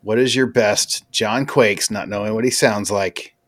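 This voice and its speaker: A man's voice: lowish voice, steady tone, a little slow. A man hosting a casual podcast chat, joking and profane as he runs the show. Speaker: podcast host.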